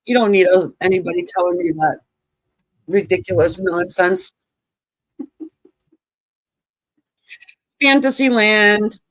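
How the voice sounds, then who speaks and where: A woman's voice: mid-range voice, takes it slowly, pauses often, a bit bright, no room sound, low-quality recording. A woman giving a casual tarot reading, joking and sarcastic, swearing and laughing often. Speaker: tarot reader.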